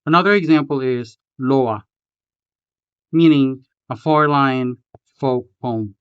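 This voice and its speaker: Slow, clear-voiced male language tutor. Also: medium pitch, no echo. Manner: slow, deliberate, enunciating example words syllable by syllable. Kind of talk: scripted instructional narration. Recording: slightly dull, dry voice-over.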